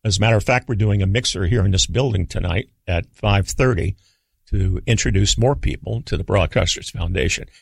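An older man, a guest on a radio talk show, telling stories in a relaxed, rambling way with fillers and restarts. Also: fairly low pitch, fairly quick, vocal fry, husky, no echo. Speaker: guest, radio executive and author. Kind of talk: relaxed storytelling. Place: studio.

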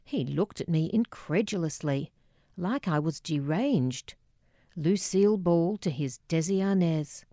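A woman's voice: fairly low pitch, lively intonation, a little slow, warm tone, no echo. Woman reading her memoir aloud, reflective and a bit wry, takes her time, dry close studio sound. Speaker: narrator. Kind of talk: memoir audiobook narration.

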